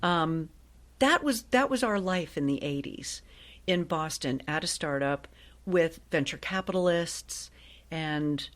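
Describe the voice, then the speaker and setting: Guest voice: woman in her sixties, lowish pitch, chatty and lively storyteller. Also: slow pace. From Ohio. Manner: lively, chatty, laughs often. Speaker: guest, actress and voiceover artist. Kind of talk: casual interview storytelling.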